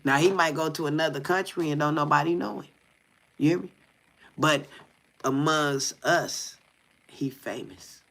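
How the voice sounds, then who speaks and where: Guy ranting on a livestream, kinda high bright voice, keeps going "you hear me". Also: unhurried, creaky, long pauses. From Detroit. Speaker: content creator. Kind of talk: casual livestream commentary.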